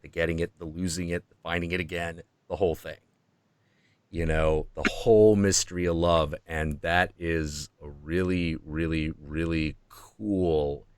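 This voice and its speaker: A man's voice: low-pitched, dry recording. A man hosting a stream, chatting casually and rambling through ideas, now and then acting out voices in quotes. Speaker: stream host. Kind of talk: casual chat.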